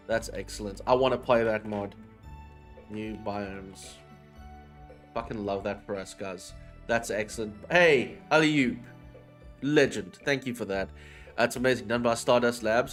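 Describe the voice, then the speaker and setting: A man chatting casually with his chat audience on a livestream. He swears freely and drifts between topics. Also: fairly low pitch.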